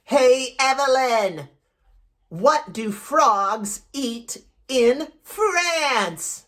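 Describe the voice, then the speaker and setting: A woman voicing a bookish worm puppet on a children's show, talking in a slow, drawling, deadpan way. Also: high-pitched, full character voice. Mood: joking.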